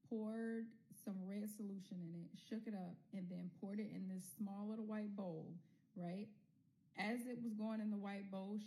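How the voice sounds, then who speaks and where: Blunt, mellow-voiced woman telling a story. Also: mid-range voice, poor audio. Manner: blunt, swears, talks straight to viewers; acts out the people in her story. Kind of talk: casual storytime.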